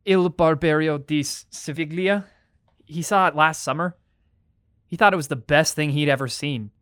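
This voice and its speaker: A young actor playing an earnest, shy teenage boy in a radio drama, eager but quickly defensive. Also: fairly high pitch, a bit bright, clean tone, natural voice.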